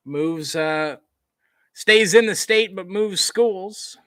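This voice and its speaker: A man giving casual live play-by-play commentary on a college football game, chatty, with fillers, getting excited on big plays. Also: a little high, no room sound, studio quality.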